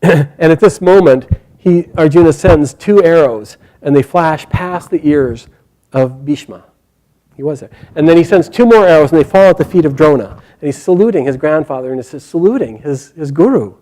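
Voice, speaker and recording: A man retelling an epic story aloud in a lively, animated way, with casual fillers. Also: on the high side, moderate pace. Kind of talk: oral storytelling.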